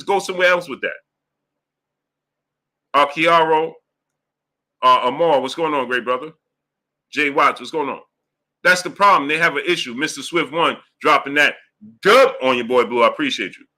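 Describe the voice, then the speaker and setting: A man hosts a boxing live stream and argues his point emphatically, firing off rhetorical questions between super chat shout-outs. His voice sits fairly high and sounds very bright and forceful. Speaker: boxing show host reading super chats. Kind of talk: heated live-stream commentary.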